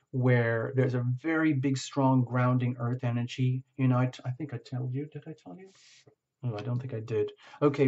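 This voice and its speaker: Man, husky voice, mid pitch, casual tarot reading, enthusiastic, encouraging, muffled lo-fi sound. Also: darkish tone. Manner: enthusiastic, encouraging, talks straight to the listener. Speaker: tarot reader.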